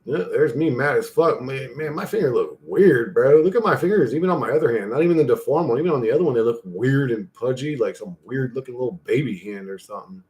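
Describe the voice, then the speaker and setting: Fast-talking with few pauses, a channel host mutters to himself, loose and profane, as he clicks around an image generator. His medium-pitched voice has lively intonation and a darkish tone; it's casual, rambling chat.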